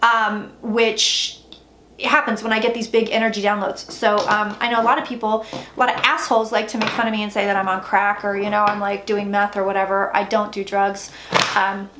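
A woman giving an excited tarot reading, rushing and emphatic, swearing often and talking like an auctioneer. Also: medium pitch. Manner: rapid, profane, emphatic, says she talks like an auctioneer. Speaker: psychic tarot reader. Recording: echoey room with faint noise.

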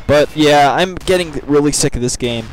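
A man's voice: fairly high pitch, moderate pace, a little hiss or hum, poor audio. A man giving casual, grumbling commentary over his own gameplay. He gets frustrated easily and keeps apologizing for it. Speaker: gameplay video host. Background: game gunfire and clicks.

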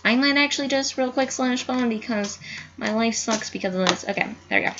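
A young woman giving casual gameplay commentary, excitable, swearing and yelling at the screen. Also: fairly high pitch, fairly quick, muffled recording. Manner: excitable, yells at the screen, frequent cussing. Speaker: gaming youtuber.

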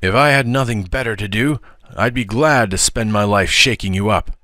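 A man's voice: fairly low pitch, normal speed, pushed and bright, no echo, clean studio sound, pitched above the performer's own voice. A man voicing an older schoolboy who protects the smaller boys and scolds a bully firmly. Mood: indignant. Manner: firm and scolding.

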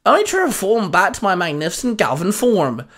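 A man's voice: high voice, big pitch swings, fairly quick, a bit bright, pitched above the performer's own voice, full character voice. A man voicing a sarcastic, bitter alien boy genius with a grumbling manner. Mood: irritated.

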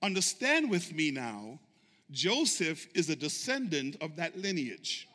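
A man preaching a sermon as pastor, shouting fervently and calling out to his congregation for responses. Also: a little high, big pitch swings, a little slow. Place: church sanctuary. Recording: echoey church sanctuary reverb.

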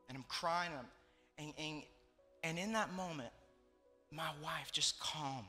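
Bright-voiced young pastor in a reverberant hall. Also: male voice, fairly high pitch, moderate pace, soft background music. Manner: emotional storytelling, repeating phrases for emphasis. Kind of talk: sermon.

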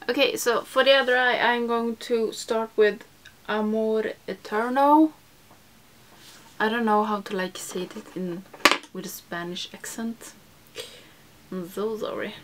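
Fairly high-pitched and chatty, a young woman talks her way through a relaxed makeup vlog. Her beauty-vlogger patter is full of fillers and self-deprecating jokes, and she drops to quiet whispers as she applies products.

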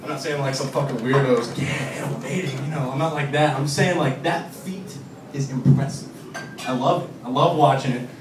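A man's voice: medium pitch, moderate pace, over music. A young man doing a stand-up set at an open mic in a bar and grill, loose and profane and chuckling through his lines. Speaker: comedian. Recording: echoey room from far off, crowd noise.

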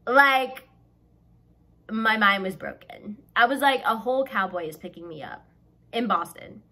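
A young woman from the American South, telling a story in a chatty, animated way and saying "like" constantly. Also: on the high side, unhurried. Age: young adult. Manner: chatty and animated, heavy use of "like". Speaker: vlogger. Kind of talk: storytime vlog.

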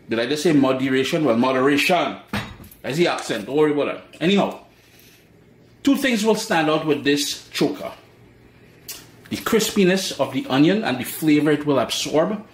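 A man's voice: medium pitch, reverberant, a little hiss or hum. A man hosting a home cooking demonstration, chatty and folksy, talking straight to his viewers. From Trinidad and Tobago. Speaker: cooking show host. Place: home kitchen.

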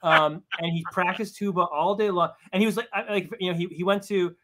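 With a high pitch and a sharp tone, this man speaks briskly and without much variation in intonation. He's guesting as a comic book writer in a casual interview, repeatedly stammering and restarting while downplaying himself.

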